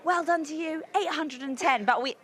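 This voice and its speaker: A woman's voice: sits high, normal speed, fairly bright tone. A woman presenter interviewing people outdoors at a tennis venue and hosting a game, bubbly, cheering and encouraging.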